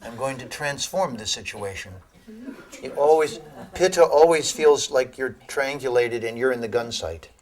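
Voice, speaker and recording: A man giving a lecture on Ayurveda to an audience, telling animated stories and laughing at his own jokes. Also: mid-range voice. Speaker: Ayurveda teacher.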